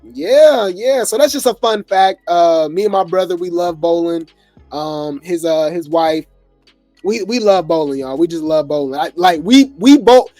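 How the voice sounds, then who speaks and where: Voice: medium pitch, animated, unhurried, mellow, no echo, faint music behind. A host rambling casually through reality TV gossip commentary, chuckling often and full of fillers.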